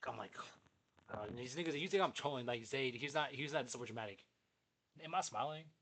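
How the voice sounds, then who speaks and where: A young man with a husky, breathy voice tells a story in casual vlog fashion. He is animated and profane, and he keeps jumping into side remarks before getting back on track. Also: medium pitch, a little fast. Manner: animated, profane, jumps between asides. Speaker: vlogger.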